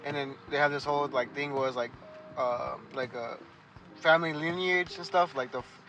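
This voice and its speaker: A man co-hosting a podcast in casual chat, halting and restarting often as he explains. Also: fairly high pitch, fairly even intonation, bright, forceful tone, faint music behind, poor audio. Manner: halting, lots of restarts and filler. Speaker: podcast co-host.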